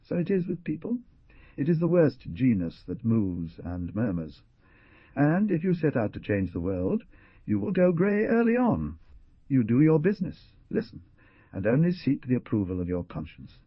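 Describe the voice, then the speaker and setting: Guy doing a gruff old villager lecturing, bit raised voice, husky, dull recording. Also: medium pitch, wildly swooping pitch, moderate pace, no room sound, pitched above the performer's own voice. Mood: stern lecturing. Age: older. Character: stern proud old village man.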